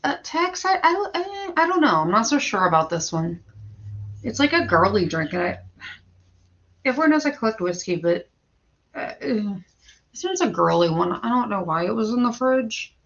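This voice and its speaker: A woman's voice: on the high side, big pitch swings, normal speed. A woman in her thirties hosting a casual firearms livestream, chatty and rambling, greeting viewers by name and restarting her sentences often. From western Pennsylvania, USA. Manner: frequent stammered restarts and filler words. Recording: dull lo-fi stream audio.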